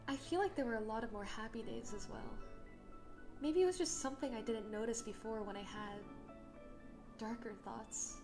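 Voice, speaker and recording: A woman's voice: a little high, normal speed, over music, lightly acted. A woman voicing a young female dragon in a visual novel, an anxious but hopeful dreamer who talks in an earnest, confiding way.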